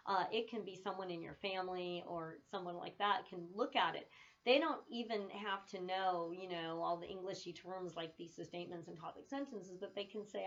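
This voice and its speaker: A woman's voice: medium pitch, highs cut off. A woman English teacher giving a casual video lecture. She often checks in with "right?" and laughs easily as she tells stories.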